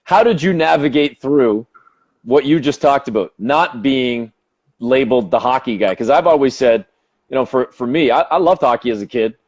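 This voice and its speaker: A man's voice: medium pitch, normal speed, a little mellow. A man from Canada hosting an interview, asking long rambling questions. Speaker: podcast host. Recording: dull lo-fi audio.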